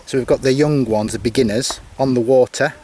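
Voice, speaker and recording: A man with an average pitch answers questions as a scout leader. He explains things step by step in a plain, matter-of-fact way. He sounds relaxed and informative. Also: brisk, a little hiss or hum. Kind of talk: casual interview answers.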